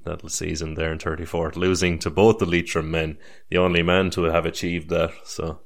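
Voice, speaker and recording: A young man with a very deep, low voice hosts a casual podcast. He teases and swears freely and stumbles into restarts. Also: level tone, moderate pace, vocal fry. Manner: teasing, sweary, stammering restarts. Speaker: podcast host. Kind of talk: casual chat.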